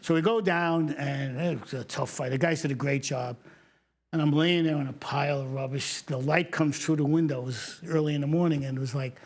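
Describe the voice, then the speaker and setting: A man's voice: on the high side, brisk. A man, a retired fire captain telling stories in a casual interview, acting out what people said and laughing often. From New York. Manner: animated storyteller, acts out quoted lines, laughs often.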